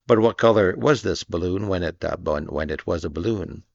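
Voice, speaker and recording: Man putting on a gloomy old male donkey, mournful and slow, storybook reading, dull lo-fi sound. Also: low voice, gravelly, a little mellow. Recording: dull lo-fi recording.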